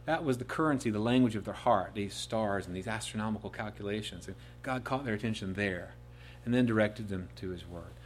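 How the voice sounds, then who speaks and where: A man preaching a sermon, rising to loud emphatic peaks and dropping to soft, slow asides on key phrases. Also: fairly low pitch, soft background music. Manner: slows right down to dwell on key phrases.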